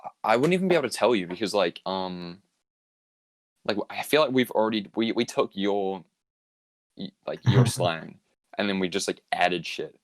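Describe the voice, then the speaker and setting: A young man with a New Zealand accent, talking in a very low voice with a relaxed, easygoing drawl. He swears casually and leans on fillers. The sound is dry and close. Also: normal speed, no room sound. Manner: laid-back, loose and swearing, many fillers. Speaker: podcast guest. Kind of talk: casual chat.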